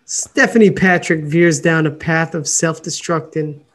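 A man co-hosting a podcast in casual chat, relaxed and hesitant, with many ums. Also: on the high side, a little slow. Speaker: podcast co-host.

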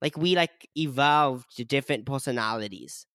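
A man's voice: medium pitch, moderate pace, sharp tone, no echo, studio quality. A young man co-hosting a casual podcast, giggling often and saying "like" constantly as his thoughts trail off. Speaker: podcast co-host. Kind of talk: casual chat.

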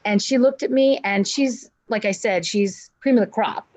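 A woman's voice: medium pitch, moderate pace, a little mellow. A woman guest telling a personal story in an interview, earnest in tone and voicing relatives' words as she goes. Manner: earnest, acts out family members' words.

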